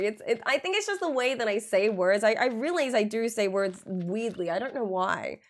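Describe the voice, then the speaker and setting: During a casual live stream of a game, a congested woman talks and laughs with her audience in a slightly high, lively voice. Giggling and chatty, she draws words out slowly and repeats them to demonstrate sounds.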